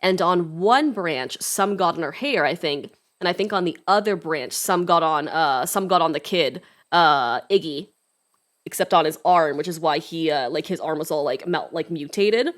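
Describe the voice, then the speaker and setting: A woman's voice: sits low, normal speed. A woman streaming a story game, reading it aloud and ranting passionately in between, swearing often. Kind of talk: casual let's-play commentary with character voices.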